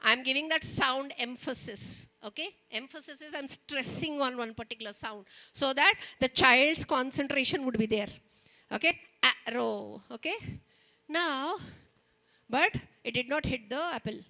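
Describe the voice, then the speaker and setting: A woman's voice: sits high, moderate pace, sharp tone. A woman with an Indian English accent training teachers, telling a story and stressing each sound emphatically, often checking in with "okay?". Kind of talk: storytelling workshop demonstration. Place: school training hall.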